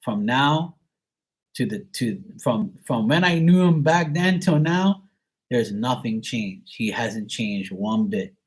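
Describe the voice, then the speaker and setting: A man's voice: mid-range voice, animated, slow. A man hosting a live tarot stream, chatting casually and venting bluntly, with frequent swearing. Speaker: online tarot reader and host. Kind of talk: casual chat.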